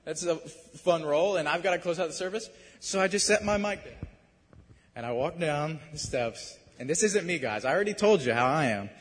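A man preaching, telling a story in a casual, animated and self-deprecating way. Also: fairly high pitch, brisk, in a large hall, a little hiss or hum. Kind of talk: sermon storytelling.

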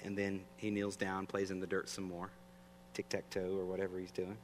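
A pastor with a deep, monotone voice preaches at a normal speed, keeping his sermon conversational and often putting questions to the audience. The recording has a long reverb and a faint hum.

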